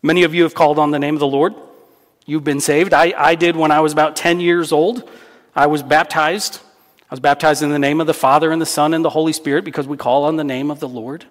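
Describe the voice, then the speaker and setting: A man's voice: a little high, steady tone, fast. A man preaching a sermon as pastor, earnest and emphatic, repeating key phrases for weight. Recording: long hall reverb.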